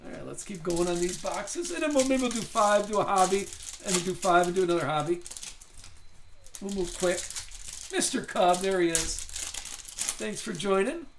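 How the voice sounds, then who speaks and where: A young man with a high-pitched voice hosts a live card-opening stream. He talks casually to viewers, thinks out loud and reads names as he pulls each card. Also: expressive, moderate pace, long pauses, noisy background. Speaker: card break host.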